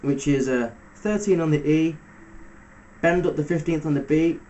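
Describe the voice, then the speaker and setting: A man giving a casual step-by-step guitar lesson, talking through fret numbers in a relaxed way with fillers. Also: fairly high pitch, moderate pace, highs cut off. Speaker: guitar teacher. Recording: loud guitar music under the voice. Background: electric guitar playing between phrases.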